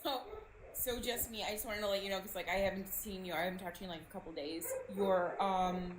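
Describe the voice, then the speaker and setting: A woman's voice: medium pitch, fairly even intonation, fast. A woman chatting casually and bluntly on a live stream, laughing now and then. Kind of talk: casual chat. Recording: distant, echoey, with clear background noise.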